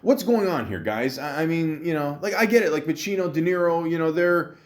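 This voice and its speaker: Pitched on the high side, fairly quick and lively in intonation, this solo podcast host rambles jokingly about a movie. He's half Italian, half Greek, and his casual talk is full of cursing, filler words and restarts.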